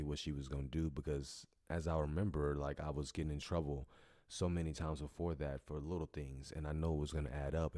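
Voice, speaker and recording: A young man with a strikingly deep, low voice recounts his own story as a podcast host. He speaks earnestly and conversationally, with easy fillers and emotion close to the surface. The sound is dry and close. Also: mellow, no room sound. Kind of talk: personal storytelling.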